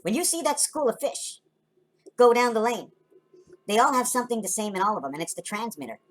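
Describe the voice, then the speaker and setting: A woman's voice: fairly high pitch, lively intonation, a little fast. A woman talking loosely through her own drawings and designs, wandering from idea to idea and often checking in with "right?". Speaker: video maker explaining her drawings. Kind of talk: rambling casual explanation.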